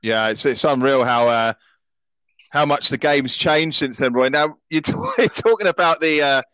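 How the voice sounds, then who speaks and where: Man hosting podcast, hesitant, filler-heavy, bright and lively, dry close sound. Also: a little high, normal speed, no echo, rough recording. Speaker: podcast host. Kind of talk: casual interview chat.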